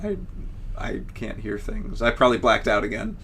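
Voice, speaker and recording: A man's voice: mid-range voice, very animated, fairly bright tone. Hesitant young man, faint hiss. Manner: halting, restarts often, self-deprecating. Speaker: podcast co-host. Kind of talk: casual chat.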